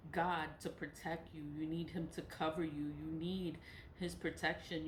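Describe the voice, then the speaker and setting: A woman's voice: sits low, slight background noise. Emphatic, swearing woman in an echoey room. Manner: emphatic and repetitive, swears freely, laughs between points. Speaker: nonprofit director giving spiritual warnings. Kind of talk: casual spoken monologue to camera.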